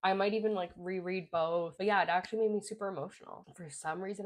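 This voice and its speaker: A woman's voice: mid-range voice, fairly even intonation, fast. A young woman vlogger talking casually through her book rankings, rambling with lots of fillers. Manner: chatty, rambling with many "like" fillers. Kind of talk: casual book review chat.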